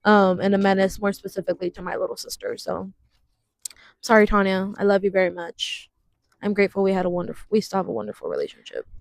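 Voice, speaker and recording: A woman in her twenties co-hosting a podcast in casual chat, talking fast with many fillers and frequent laughs. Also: mid-range voice, animated, no room sound. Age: 20s. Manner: chatty, laughs often, uses many fillers. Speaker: podcast co-host.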